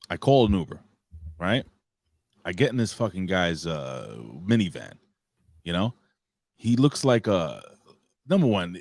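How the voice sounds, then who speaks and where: A man's voice: deep voice, dry recording. A man, co-hosting a casual podcast and telling a rambling, profane story. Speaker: co-host.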